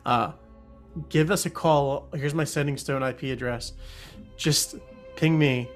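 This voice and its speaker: A man's voice: mid-range voice, steady tone, unhurried, faint music behind. A man hosting a podcast and playing an investigator in a tabletop game, with a playful, hesitant delivery. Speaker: podcast host and player. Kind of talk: in-character tabletop play.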